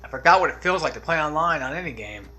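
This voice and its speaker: A man talking over his gameplay in a loose, rambling way, wandering from topic to topic and letting sentences trail off. His voice sits a little high for a man and has a bright, sharp edge. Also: expressive, quick pace. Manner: rambling, drifts off on tangents; laid-back, trails off into mumbles. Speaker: let's play commentator. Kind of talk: casual gameplay commentary.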